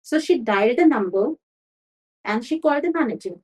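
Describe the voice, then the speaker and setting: Indian woman, improvised storytelling, casual, fairly high voice. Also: animated, a little fast, darkish tone, slightly rough, rough recording. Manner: casual, mixing in Hindi.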